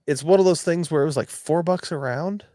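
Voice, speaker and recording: A man's voice: a little high, fairly quick, mellow, dry recording, clean studio sound. A man hosting a podcast, rambling and swearing as he tells stories in casual chat. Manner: rambling, profane, storytelling. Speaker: podcast host.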